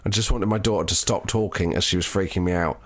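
A man co-hosting a casual podcast, reading listener emails aloud and slowing down for the tense parts. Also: sits low, fairly even intonation, fairly bright tone. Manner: reads listener stories aloud, slows and drops his voice for the scary parts. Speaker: podcast co-host.

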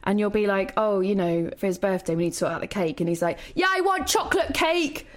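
A woman, a guest in a casual chat, telling animated stories and acting out quotes. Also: lowish voice, fast talker. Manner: animated storytelling, acts out quotes, swears.

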